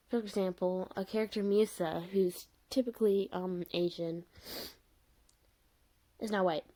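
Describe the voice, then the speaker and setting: A woman's voice: lowish voice, mellow. A young woman ranting through a casual video review, exasperated and rambling, with lots of fillers. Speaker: vlogger reviewing a show.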